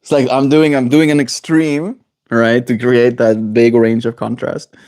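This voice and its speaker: A man hosting a daily livestream, chatting in a relaxed, rambling way and chuckling to himself. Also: mid-range voice, a little slow, no echo, studio quality. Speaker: livestream host. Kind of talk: casual chat.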